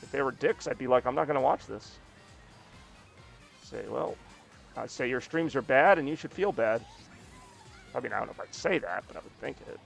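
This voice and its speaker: A man's voice: medium pitch, animated, brisk, gravelly, fairly bright tone, faint music behind. A man streaming a racing game, chatting casually with a rambling, self-deprecating, joking manner. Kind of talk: casual live-stream chat while playing.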